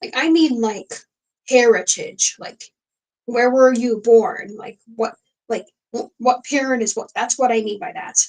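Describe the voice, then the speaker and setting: A woman's voice: on the high side, a little slow, darkish tone, low-quality recording. A young woman hosting a casual late-night livestream, talking frankly and rambling with many fillers and restarts. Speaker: livestream host.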